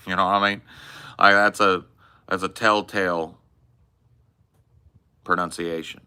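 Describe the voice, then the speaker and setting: Deep, bright-voiced Californian man. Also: steady tone, takes it slowly, clean tone. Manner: loose and profane, swearing and calling listeners bro and man. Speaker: podcast host. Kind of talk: casual podcast chat.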